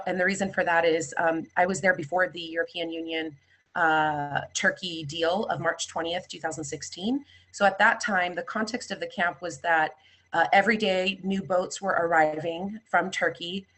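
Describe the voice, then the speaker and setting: A young woman reads a personal story in a measured, earnest way, then explains a slide with some hesitation. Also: on the low side, fairly bright tone. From United States, Palestinian family. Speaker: speaker reporting back from volunteering.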